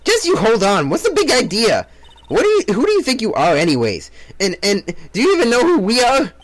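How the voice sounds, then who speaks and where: A man voicing an excitable young female sidekick, high and indignant. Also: fairly quick.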